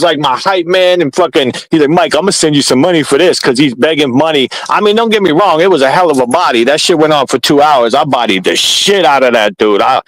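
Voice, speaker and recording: A man tells a rambling, heated story to his stream panel, swearing freely as he goes. His voice sits a little high, and the sound is dry and close, with no room around it. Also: a bit bright, no room sound, poor audio. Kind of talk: casual profane storytelling.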